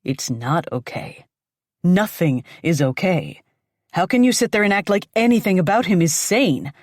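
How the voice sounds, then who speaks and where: A woman's voice: sits low, normal speed, a little mellow, no room sound, studio quality. A woman voicing an obsessive, unhinged young ex-boyfriend who is strained and menacing. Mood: accusing. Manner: pleading turning to menacing, strained.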